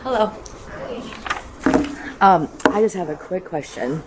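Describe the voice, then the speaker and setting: Woman, lowish voice, tentative public-comment question. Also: expressive, heavy background noise. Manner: polite, halting questions. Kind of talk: public comment at a board meeting.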